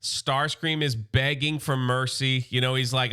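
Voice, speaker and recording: A man recapping a comic book in a casual, slangy, excited way. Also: medium pitch, unhurried, clear, resonant tone.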